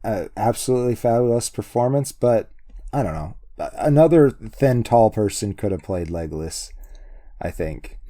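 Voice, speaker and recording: A man's voice: on the low side, animated, normal speed, warm tone. A man co-hosting a podcast, chatting casually about a film with rambling, hesitant speech and lots of fillers. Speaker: podcast co-host. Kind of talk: casual movie review chat.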